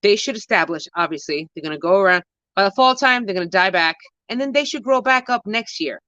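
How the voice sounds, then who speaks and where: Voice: mid-range voice, expressive, fairly quick, pushed and bright, no echo, highs cut off. A gardening vlogger, chatting casually while walking around an outdoor garden with a handheld phone camera, rambling and correcting themselves, full of slang. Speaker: gardening vlogger answering viewer questions. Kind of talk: casual chat.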